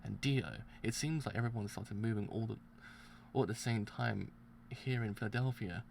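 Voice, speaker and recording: A man's voice: lowish voice, moderate pace, creaky, a little hiss or hum. A man reading as a tense young racer, muttering.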